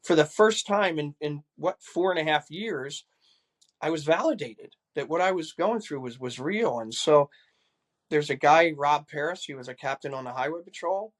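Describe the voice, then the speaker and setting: A man's voice: fairly high pitch, animated, moderate pace. An older man, a retired police chief, earnestly recounting personal experiences in a conversation, often repeating words as he goes.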